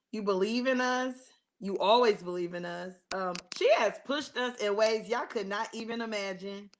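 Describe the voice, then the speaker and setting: A woman's voice: medium pitch, slight background noise, low-quality recording. Earnest, grateful woman on a call. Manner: earnest, grateful, hesitant with ums. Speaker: guest artist. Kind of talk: casual panel chat.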